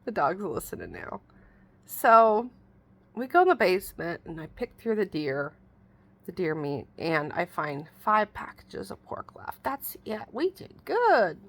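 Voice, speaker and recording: A middle-aged woman tells a long, rambling story to the camera in a casual vlog. Her voice has a gravelly, fry-laden edge, and she talks in a folksy, exasperated way, piling one detail onto the next. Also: on the low side, big pitch swings, a little slow. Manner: chatty, rambling, exasperated retelling with a rural folksy way of talking. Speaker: vlogger.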